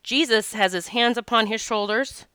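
A woman speaks in a bright, clear voice, telling a personal story as a spiritual teacher. She is earnest and emotional, teary and sniffling at times. The sound is close and dry, with no room around it. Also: a little high, moderate pace, no echo. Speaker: spiritual teacher and intuitive reader. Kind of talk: casual storytelling monologue.

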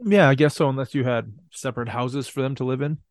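A man with a middle-pitched voice co-hosts a casual chat and laughs often as he throws in quick quips. The recording is close and dry. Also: no room sound. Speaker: podcast co-host.

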